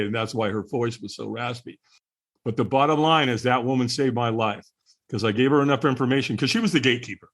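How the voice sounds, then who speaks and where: A middle-aged man with a mid-range voice appears as a podcast guest, sharing his personal story openly in conversation. He sounds earnest and chuckles from time to time.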